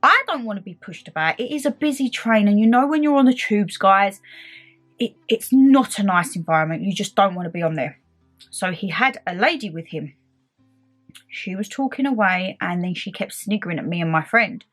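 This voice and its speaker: Young woman, casual storytime vlogger, fired-up and chatty, soft music bed. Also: mid-range voice, moderate pace. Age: young adult. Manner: animated, indignant retelling with quoted back-and-forth. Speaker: beauty vlogger.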